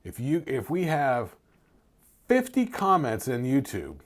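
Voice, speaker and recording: A man's voice: medium pitch, huge pitch swings, slow pace. A laid-back man chatting on a podcast, swearing casually as he talks. His voice sits mid-range for a man but moves up and down a lot. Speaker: podcast co-host. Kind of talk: casual banter.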